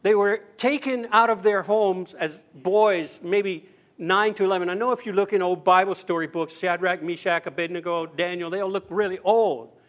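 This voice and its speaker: A middle-aged man preaching a sermon as pastor, telling stories with acted-out quotes and swinging between loud and hushed. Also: sits high, normal speed.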